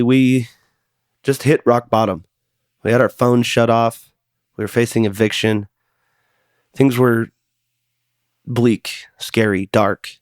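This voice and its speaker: A man in the middle of the pitch range tells his own story on a podcast. He speaks in an earnest, confessional way and sometimes doubles back on his words. The recording is dry and close. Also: darkish tone, no room sound. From United States. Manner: earnest, confessional, repeats words when emotional. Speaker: podcast host. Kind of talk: personal storytelling monologue.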